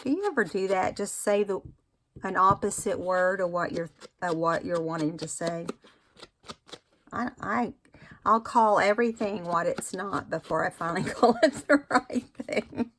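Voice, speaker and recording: A woman's voice: medium pitch, unhurried, fairly bright tone, slight background noise. A woman hosting a casual crafting tutorial, chatting to viewers and correcting herself as she works. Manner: chatty, self-correcting, talks to viewers while working. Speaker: craft video host.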